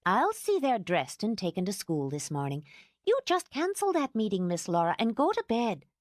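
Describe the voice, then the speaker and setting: A woman voicing a fierce, protective older housekeeper who talks in indignant, excitable outbursts. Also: mid-range voice, normal speed, dry recording, studio quality. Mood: fussing.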